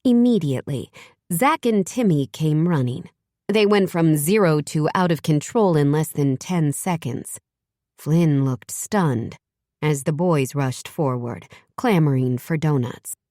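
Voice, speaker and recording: A woman narrating an audiobook in a measured storytelling manner. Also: deep voice, warm tone, dry recording, studio quality. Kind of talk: scripted narration.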